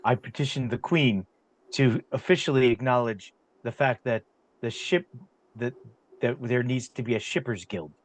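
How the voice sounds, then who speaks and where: A man voicing a smug, scheming male noble official in a tabletop game, measured and self-satisfied. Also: medium pitch, no room sound, pitched below the performer's own voice, lightly acted.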